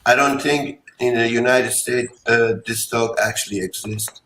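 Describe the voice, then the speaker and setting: A man speaks slowly with a bright, forward tone, pausing on ums as he explains. His voice sounds roomy and set back from the microphone. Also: medium pitch, fairly even intonation, slight background noise. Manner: slow, hesitant, many ums. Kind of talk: casual group chat. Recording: roomy, distant mic.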